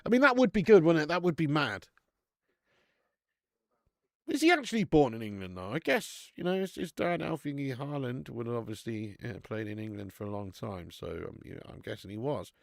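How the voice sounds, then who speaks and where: A man's voice: mid-range voice, moderate pace, creaky, no echo, studio quality. Sweary, laddish male watch-along host. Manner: sweary, laddish, jokey, bursts into excited commentary. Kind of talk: live match commentary and chat.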